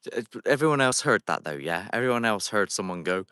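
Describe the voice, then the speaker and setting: A man with a lowish voice hosts a live paranormal stream outdoors in a cemetery. His pitch swings widely as he chats loosely with viewers and calls out to spirits. The sound is dry and close, picked up on a handheld phone. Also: big pitch swings, fast talker, sharp tone, clean tone, dry recording. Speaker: paranormal livestream host. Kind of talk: casual live-stream chat.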